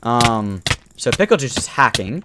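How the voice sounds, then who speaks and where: A young gamer casually chatting and teasing a teammate during an online match, breaking into excited yells. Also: medium pitch, measured pace, very noisy. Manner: teasing, jokey, bursts of excited yelling. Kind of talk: casual gaming chat.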